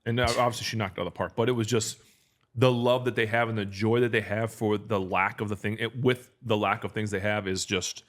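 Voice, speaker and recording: A man's voice: on the low side, steady tone, brisk. A man in his thirties hosting a casual podcast chat, talking earnestly with frequent restarts and fillers. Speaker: podcast host.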